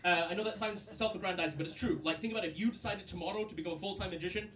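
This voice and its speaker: A man in his thirties with a Scottish accent, doing a loud, energetic, self-mocking stand-up set as a comedian and magician. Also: high voice, rapid-fire. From Southern California, raised in Scotland. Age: 30s. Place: live comedy stage. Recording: noisy live stage recording.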